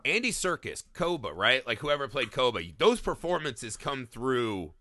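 A man's voice: medium pitch, very animated, normal speed, bright, forceful tone. A man co-hosting a casual film podcast. He is opinionated and joking, with loose and profane asides. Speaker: podcast co-host.

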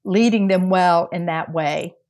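A woman co-hosting a podcast, telling a story in casual conversation. She acts out quoted dialogue with lively changes of voice and laughs often between her words. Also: lowish voice, a little slow. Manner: laughs often mid-sentence. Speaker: podcast co-host.

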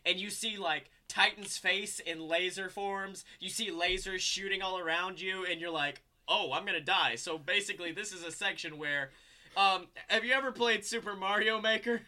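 Bright-voiced young man, animated storyteller. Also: high-pitched, normal speed. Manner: animated, rambling storyteller with many fillers. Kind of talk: casual chat.

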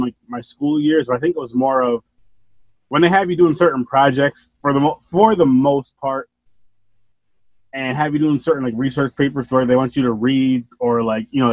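A man hosting a podcast, chatting casually and rambling with animated bursts and casual swearing. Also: medium pitch, no echo, lo-fi sound. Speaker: podcast host.

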